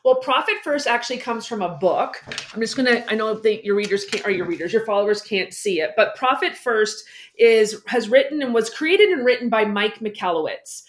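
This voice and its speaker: A woman guest explaining money habits in a casual interview, lively and acting out the voices she quotes. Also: on the high side, a little fast, roomy sound. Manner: animated, acts out quoted voices.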